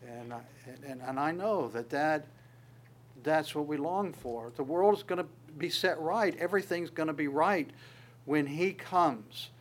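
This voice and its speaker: A man preaching a sermon in an earnest way, rising louder when he quotes scripture and dropping soft on asides, often repeating words as he restarts. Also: on the high side, unhurried. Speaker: pastor.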